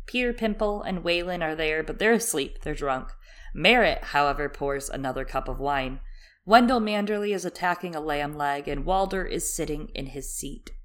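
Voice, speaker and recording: A woman's voice: low voice, a bit bright. A woman on a book podcast who summarizes passages and analyzes the characters. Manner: reads passages aloud, analytical. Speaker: podcast co-host. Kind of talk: casual book discussion.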